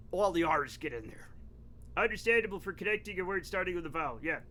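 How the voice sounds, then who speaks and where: A man's voice: fairly high pitch, lively intonation, fairly quick, long pauses, pushed and bright. A man with a New England accent chatting casually and animatedly on a live game stream, joking with his viewers. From northeastern United States.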